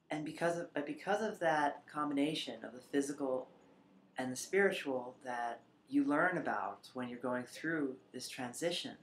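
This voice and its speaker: A trans woman talking reflectively in a personal vlog, rambling at times and sometimes dropping to a near whisper. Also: extremely low pitch. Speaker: vlogger. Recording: echoey room with faint background noise.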